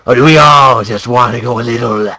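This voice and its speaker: Man putting on a deep, sinister showman. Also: pushed and bright. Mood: menacing. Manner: slow, drawn-out, mock-menacing. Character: sinister theatrical male showman, menacing.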